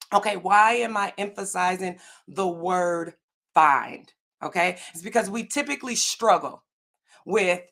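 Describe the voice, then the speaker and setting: A woman's voice: medium pitch, gravelly, fairly bright tone. A woman giving an earnest, faith-based motivational talk on a video call, often checking in with "right?" and "okay?". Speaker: summit speaker.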